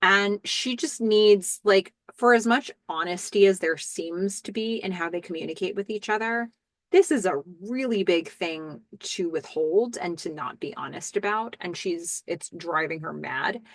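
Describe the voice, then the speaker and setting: A woman hosting a podcast, casually recapping a TV episode and musing aloud with fillers and quick laughs. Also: fairly low pitch, no echo. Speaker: podcast host.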